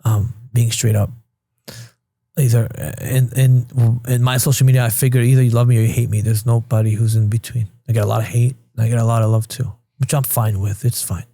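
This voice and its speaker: Casting: guest in his thirties, man from New York, gravelly and husky, dark tone, earnest and emotional. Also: mid-range voice, flat delivery, a little fast, dry recording. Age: 30s. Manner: earnest, emotional, repeats himself when moved. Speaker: podcast guest. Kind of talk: casual interview chat.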